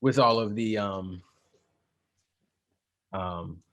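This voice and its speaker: A young man co-hosting a casual podcast, talking in a relaxed, slangy way with lots of fillers and restarts. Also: fairly low pitch, very slow. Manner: laid-back, slangy, many fillers and restarts. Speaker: podcast co-host. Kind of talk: casual chat.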